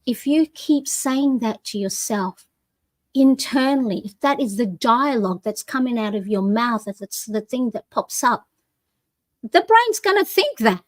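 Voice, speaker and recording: In her forties, this woman hosts a motivational live planning session for her channel, offering encouragement, repeating affirmations and filling her speech with "you know"s. She has a mid-range voice and there's no room sound.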